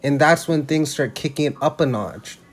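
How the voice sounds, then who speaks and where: A man's voice: fairly high pitch, moderate pace, faint music behind. A man giving casual religious commentary, emphatic and slangy, often restarting his sentences.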